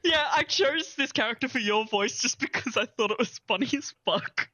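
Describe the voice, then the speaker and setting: A woman's voice: fairly high pitch, moderate pace, pushed and bright, dry recording, poor audio. A woman co-hosting a podcast, joking and giggling in casual chat. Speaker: podcast co-host. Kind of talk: casual chat and story reading.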